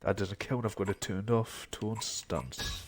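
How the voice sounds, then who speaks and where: A man's voice: lowish voice, unhurried, a little hiss or hum. A young man who is unwell, rambling to himself in casual gaming stream commentary. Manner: rambling, mumbling asides to himself. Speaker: game streamer.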